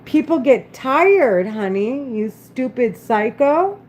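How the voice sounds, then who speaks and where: Woman, vlogger, agitated rambling monologue, repetitive, fairly high voice, faint hiss behind. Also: very animated, takes it slowly, a little mellow. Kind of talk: casual rambling monologue to camera. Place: at home, doing her makeup.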